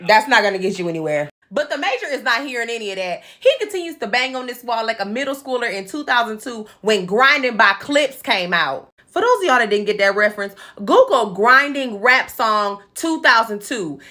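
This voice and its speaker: Female comedy recap host, sassy and animated, high bright voice. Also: brisk, hardly any pauses. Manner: animated, sassy, acts out characters' lines. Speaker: podcast host recapping an episode.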